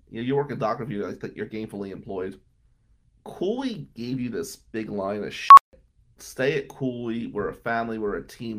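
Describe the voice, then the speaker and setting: A man in his thirties from Atlantic City, a trial attorney talking bluntly and with plenty of swearing about his hard early career. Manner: blunt and profane, swings from low and subdued to loud and heated. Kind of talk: candid interview monologue.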